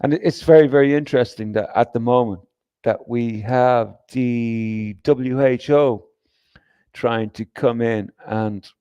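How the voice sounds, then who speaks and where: Reading from chat on his livestream, a man with a warm, smooth, mid-range voice talks unhurriedly but rambles, swears, and speaks emphatically, often restarting. The audio is dull, with no echo.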